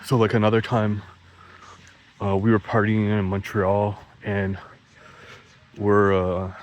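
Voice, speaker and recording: A man's voice: on the low side, completely flat delivery, slow pace, muffled recording. A man telling rambling stories in a casual monologue, full of "like" and restarts, swearing freely and laughing at his own jokes. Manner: swearing freely, voice jumps up when quoting himself.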